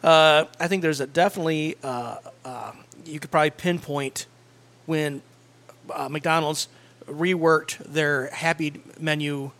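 A man's voice: fairly high pitch, steady tone, a little slow, a bit bright. A man co-hosting a radio show in casual, joking banter, laughing often. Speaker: radio co-host.

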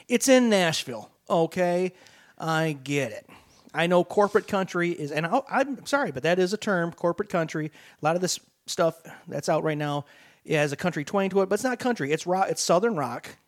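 A man co-hosting a sports talk radio show, ranting animatedly in casual chat with frequent restarts. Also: high voice. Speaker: radio co-host.

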